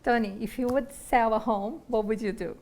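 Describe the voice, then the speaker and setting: A woman's voice: a little high, moderate pace, a little mellow. A woman hosting a podcast interview, adding brief affirming interjections. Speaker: podcast host.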